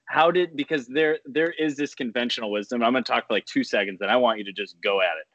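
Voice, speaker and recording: A man's voice: mid-range voice, fast, a bit bright, dull audio. A man hosting a podcast, asking eager questions and thinking aloud in casual chat. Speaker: podcast host.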